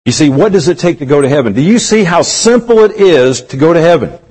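A man's voice: fairly high pitch, sing-song, darkish tone, husky, poor audio. Male preacher asking rhetorical questions. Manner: asks the congregation many rhetorical questions; reads scripture slowly with drawn-out emphasis. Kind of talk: sermon with scripture reading.

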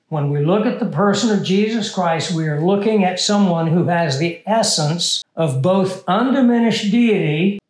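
A man's voice: high voice, roomy sound, poor audio. A man preaching a teaching sermon, stressing key words and putting questions to the congregation. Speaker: pastor.

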